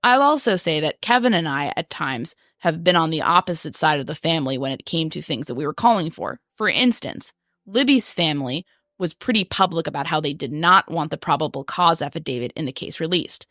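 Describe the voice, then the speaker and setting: A young adult woman co-hosting a podcast, narrating from a script in a measured way. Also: low voice, no room sound, studio quality. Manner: measured, reads quotes aloud flatly. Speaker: podcast co-host. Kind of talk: scripted true-crime narration.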